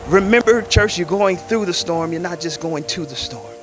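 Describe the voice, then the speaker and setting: A male pastor preaching an energetic sermon, talking back and forth with his congregation and repeating phrases for emphasis. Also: high-pitched, normal speed, hardly any pauses, over music. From Southern California. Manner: repeats words for emphasis, drops into folksy quoted voices.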